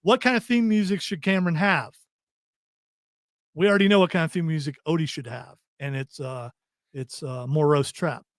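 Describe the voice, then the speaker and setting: Male co-host, from Ohio, a touch high-pitched, dry close mic, rambling and jokey. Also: dry recording. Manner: joking, rambling, quick to laugh. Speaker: podcast co-host. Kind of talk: casual chat reading stream comments.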